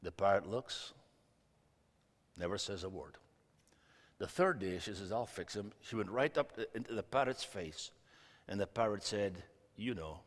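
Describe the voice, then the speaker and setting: Guest preacher, man in his 50s: joking, storytelling sermon, loud-to-soft swings, long church-hall reverb. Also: on the low side, normal speed, pauses often. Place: church sanctuary.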